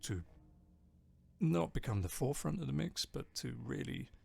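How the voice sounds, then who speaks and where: A man's voice: mid-range voice, lively intonation, moderate pace, creaky, breathy edge. A man chatting casually on a live stream, reading out viewer comments and rambling jokily about music. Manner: rambling, jokey, reads chat aloud. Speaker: streamer and band bassist.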